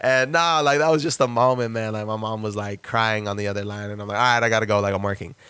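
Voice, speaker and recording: A young man telling a story on a podcast, lively, leaping up in pitch when he acts out quotes. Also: fast talker, clean tone, no room sound. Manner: animated, jumps pitch to act out quotes. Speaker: podcast guest, rapper. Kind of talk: casual storytelling.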